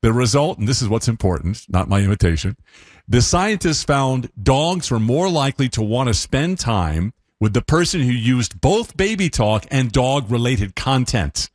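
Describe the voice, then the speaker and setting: A man hosting a scripted radio segment in a lively, playful way, his voice a little husky. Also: mid-range voice, normal speed, no echo, clean studio sound. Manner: lively, playful, laughs at his own imitations. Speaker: radio host.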